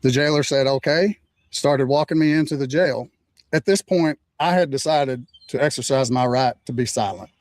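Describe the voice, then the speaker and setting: An older man recounting what happened to him in a plain, measured way. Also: medium pitch, a little mellow, dry recording. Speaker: interviewee. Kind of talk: recounting a story.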